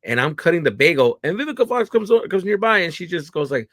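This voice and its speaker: Animated, swearing male comedian guest. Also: fairly high pitch, quick pace, no room sound. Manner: animated, profane storyteller with many fillers. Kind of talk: casual interview chat.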